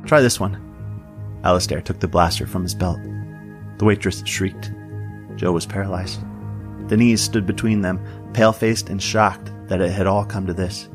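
Low-voiced guy reading a story like an audiobook, even and steady, soft music under it. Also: moderate pace. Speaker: narrator. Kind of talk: audiobook narration.

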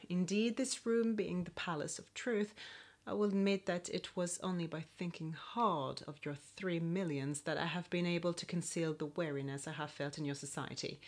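A proud aristocratic lady in her late twenties, played by a woman speaks with cool, cutting scorn. Her voice sits low and measured, every word crisp and disdainful. It sounds like an old-fashioned radio play. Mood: cold. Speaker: actor.

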